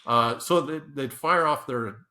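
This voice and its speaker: An unhurried man with a bright, forceful mid-range voice tells relaxed stories as a podcast guest. He meanders, restarts frequently, laughs and puts on voices for the quotes.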